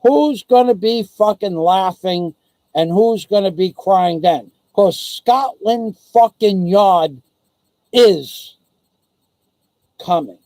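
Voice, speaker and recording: A man's voice: sits high, slow pace, warm tone, no echo, rough recording. A man ranting angrily and profanely on his own live stream, taunting and threatening someone. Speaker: vlogger. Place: living in the Philippines.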